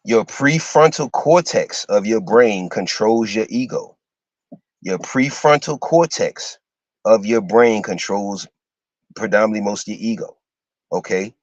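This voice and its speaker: A man giving an informal lecture to his listeners, halting and full of fillers, spelling out terms letter by letter. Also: on the low side, no room sound, rough recording. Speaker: host teaching a class.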